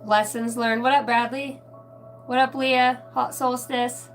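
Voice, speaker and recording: A woman reading tarot cards on a live stream in a chatty, casual way, greeting viewers by name and clearing her throat now and then. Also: fairly high pitch, level tone, unhurried. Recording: distant mic with music playing behind.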